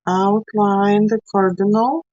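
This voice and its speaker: A woman's voice: mid-range voice, fairly even intonation, takes it slowly, a little mellow, no room sound. A woman teaching a live painting class, chatty and encouraging as she works along with her students. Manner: chatty, encouraging, talks while working. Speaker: art teacher. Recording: dry, slightly dull sound.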